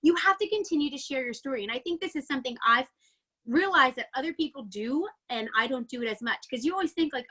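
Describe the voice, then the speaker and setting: A woman coaching her sales team in a chatty, excitable motivational talk, a little out of breath, peppering it with "like" and "right?". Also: high voice. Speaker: network marketing team coach. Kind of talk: energetic motivational training talk.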